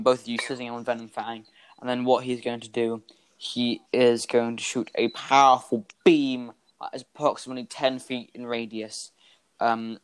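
A man's voice: medium pitch, smooth. Loose, rambling game master man. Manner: loose, filler-heavy narration with sudden loud outbursts. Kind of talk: narrating a tabletop game podcast.

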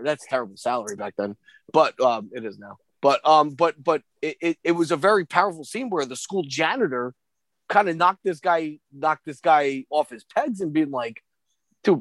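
A man's voice: fairly high pitch, expressive, moderate pace, fairly bright tone, no room sound. A man co-hosting a casual film podcast, rambling with stammered repeats and casual swearing. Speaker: podcast co-host.

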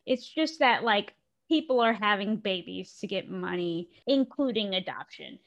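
A woman's voice: medium pitch, lively intonation, normal speed, fairly bright tone, lo-fi sound. Chatty woman podcast co-host. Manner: chatty, trailing off and restarting. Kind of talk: casual podcast chat.

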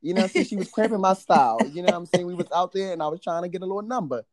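A man's voice: sits high, racing, darkish tone, no echo. Man co-host with AAVE speech, joking, dry sound. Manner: joking, brief backchannel remarks. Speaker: podcast co-host. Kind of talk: casual chat.

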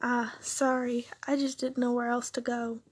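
A woman's voice: a little high, level tone, a little slow, breathy edge, dry recording. Woman reading as a flustered young superhero girl. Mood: nervous.

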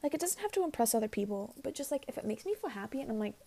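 A woman's voice: fairly high pitch, sing-song, racing, warm tone. A woman in her twenties hosting a casual solo podcast, chatty and rambling with lots of fillers. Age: 20s. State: out of breath. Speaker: podcast host.

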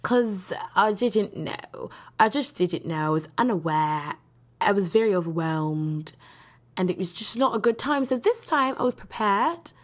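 Lively young woman telling stories. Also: mid-range voice, measured pace. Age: young adult. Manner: animated, rambling, laughs often. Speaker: podcast host. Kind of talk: casual solo podcast storytelling.

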